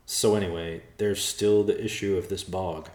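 A man's voice: sits low, fairly even intonation, normal speed, a little mellow, natural voice. A man voicing a thoughtful young human man who reasons things out. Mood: earnest. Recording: roomy echo.

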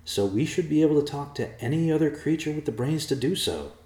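A man's voice: fairly high pitch, lively intonation, brisk, dark tone, voice pushed up. A man voicing a thoughtful young human man who reasons things out. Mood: earnest. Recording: roomy echo.

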